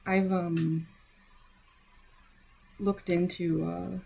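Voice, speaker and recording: Drawing on a live stream, a young artist chats loosely with her viewers, full of fillers and little laughs. She speaks very slowly in a fairly low, flat, gravelly voice with a dark tone, and faint hiss or hum sits in the background.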